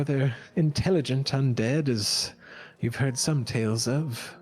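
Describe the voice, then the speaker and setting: A man's voice: medium pitch, a little mellow, soft background music. A man running a tabletop game as dungeon master, narrating and playing characters with many fillers and restarts. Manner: slow, hesitant, with many fillers.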